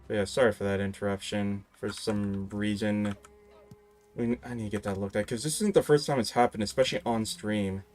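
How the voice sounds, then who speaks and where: Low-voiced Canadian man gaming with friends. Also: steady tone, brisk, a little mellow, faint music behind. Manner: practical, gives directions. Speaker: co-player. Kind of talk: casual gaming chat.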